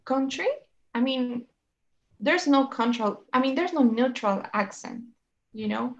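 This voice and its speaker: A woman's voice: high voice, expressive, measured pace, lo-fi sound. A woman teaching a one-on-one English lesson, explaining in a chatty way and often checking with "right?" and "you know?".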